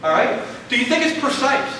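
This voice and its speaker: A man teaching a college class with a Texan accent, lively and questioning the students, acting out little exchanges as he goes. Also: very high-pitched, a little fast, noisy background. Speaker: college instructor. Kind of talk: classroom lecture. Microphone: far room mic. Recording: echoey classroom from far off.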